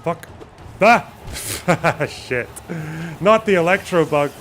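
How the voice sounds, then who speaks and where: A man's voice: medium pitch, lively intonation, measured pace, slight background noise. A young man streaming a game live, reacting with constant swearing and panicky running remarks. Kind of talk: live gameplay commentary.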